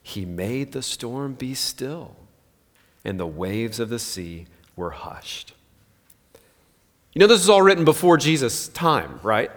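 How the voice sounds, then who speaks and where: Man preaching in a reverberant hall. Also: medium pitch. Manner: earnest, conversational preaching with rhetorical questions. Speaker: pastor. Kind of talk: sermon.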